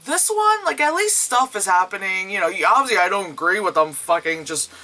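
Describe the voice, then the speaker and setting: Bright-voiced young man ranting about a movie. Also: high voice, lively intonation, a little fast, poor audio. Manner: profane, rambling, acts out characters' lines in raised voices. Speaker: movie reviewer. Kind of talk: casual spoken movie review.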